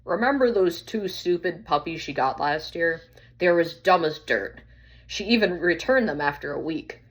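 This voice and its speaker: A woman's voice: lowish voice, animated, moderate pace, low-quality recording. A woman voicing a bossy poodle leader, talking in an urgent, scornful, scheming way in a storybook reading.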